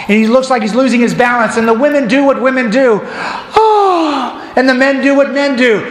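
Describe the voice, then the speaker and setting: A man preaching a storytelling sermon as a deacon, animated and acting out crowd voices. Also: extremely high pitch, fast talker, roomy sound, in a large hall. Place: church.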